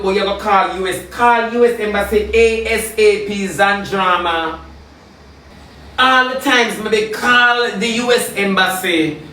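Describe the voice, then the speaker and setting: A Jamaican man delivers a combative, taunting rant and circles back to the same jabs over and over. His voice sits high for a man. The sound is roomy and distant, as if he stands well away from the mic. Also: bright, forceful tone, a little hiss or hum. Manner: combative, taunting, repeats phrases. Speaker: social media personality. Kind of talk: heated live rant.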